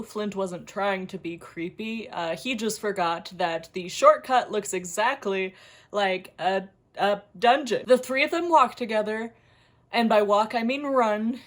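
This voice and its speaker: A woman recapping a book in a casual, comedic way, sarcastic and often laughing as she talks. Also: mid-range voice. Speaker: book reviewer.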